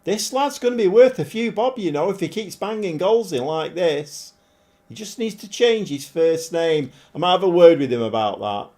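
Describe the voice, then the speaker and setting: A middle-aged game streamer with a high voice commentates live on his football management game at a normal speed, animated and often yelling at his players.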